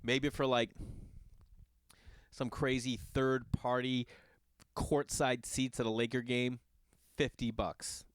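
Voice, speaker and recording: Animated, profane man telling a story. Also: mid-range voice, takes it slowly, long pauses, dry recording. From Los Angeles area. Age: adult with children. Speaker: podcast host. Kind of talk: casual storytelling monologue.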